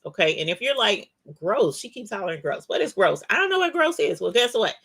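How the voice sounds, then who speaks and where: A woman's voice: on the low side, gravelly, a bit bright. A woman hosting a casual live crafting tutorial, chatty and folksy, talking straight to her viewers. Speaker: crafting livestream host.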